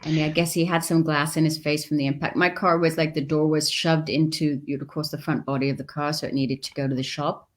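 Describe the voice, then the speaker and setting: A middle-aged woman, a guest in an interview, telling a personal story with animated delivery and acting out the voices in it. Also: low-pitched, a little fast, few pauses.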